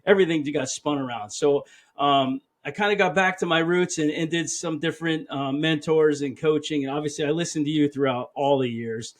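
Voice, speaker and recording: A man's voice: fairly high pitch, a little fast. Earnest middle-aged man telling a story. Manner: earnest, emotional storytelling, quotes himself often. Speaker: chiropractor guest. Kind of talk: storytelling interview answer.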